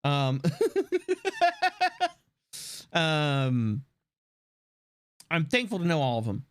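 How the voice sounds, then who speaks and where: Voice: medium pitch, wildly swooping pitch, extremely slow, clear, resonant tone. A live streamer chatting casually, swearing freely and restarting sentences often. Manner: rambling, swears freely, frequent restarts and fillers.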